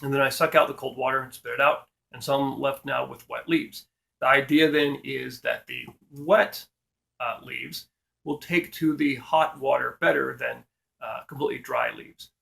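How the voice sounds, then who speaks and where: Middle-aged male host, heavy gravel in the voice, easygoing how-to delivery with lots of "uh"s. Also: mid-range voice, moderate pace. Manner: relaxed, with frequent fillers and restarts. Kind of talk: casual instructional talk.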